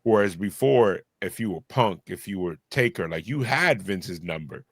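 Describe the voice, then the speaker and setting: A man's voice: sits low, expressive, normal speed, no echo, clean studio sound. A man co-hosting a podcast, talking loosely in casual chat, full of "like" and "you know what I mean". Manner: loose, filler-heavy storytelling with lots of "like". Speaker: podcast co-host.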